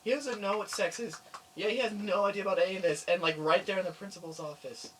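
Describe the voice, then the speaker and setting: A young man co-hosting a podcast, telling a crude story with animated energy and acted-out quotes. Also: high-pitched, fast, distant mic, slight background noise, poor audio. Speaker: podcast co-host. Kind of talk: casual storytelling chat.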